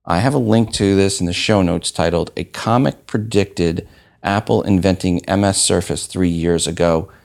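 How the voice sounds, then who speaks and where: A man's voice: sits low, normal speed, gravelly, a little mellow. A man hosting a podcast solo, talking casually with wry asides. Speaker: podcast host.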